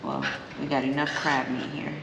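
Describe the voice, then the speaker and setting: In a rumbling low, creaky voice at normal speed, a cooking channel host chats casually with her viewers, relaxed and savoring bites of food as she talks. Background noise and an echoey room with long reverb color the recording.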